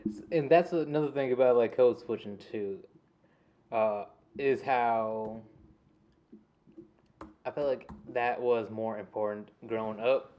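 A man's voice: mid-range voice, measured pace, pauses often, muffled recording. Laid-back man from the US South. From Southern United States. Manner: rambling, with many fillers and restarts. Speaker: podcast co-host. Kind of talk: casual chat.

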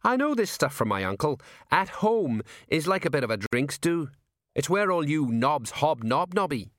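A man's voice: a little high, very animated, normal speed, fairly bright tone, no echo, clean studio sound, voice pushed up. Brief: male narrator doing a rambling older sergeant, folksy and set in his ways. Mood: musing. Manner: folksy, rambling, common speech.

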